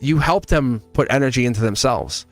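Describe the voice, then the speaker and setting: A man's voice: mid-range voice, moderate pace, soft background music. A man giving a casual tarot reading to camera. He is chatty and reassuring, often asks "see?" and chuckles as he talks. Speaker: tarot reader.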